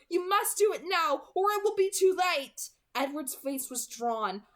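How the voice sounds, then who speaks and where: A woman reads a novel aloud in the first person. Her voice sits fairly high, and she gives the lines an earnest, dramatic delivery. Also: a bit bright. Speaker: reader. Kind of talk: first-person audiobook narration.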